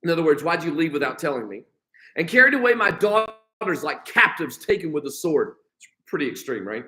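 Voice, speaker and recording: A man's voice: a little high, very animated, brisk, pushed and bright, low-quality recording. An American man teaching a Bible study as a pastor, reading scripture aloud and retelling it in casual everyday speech. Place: church.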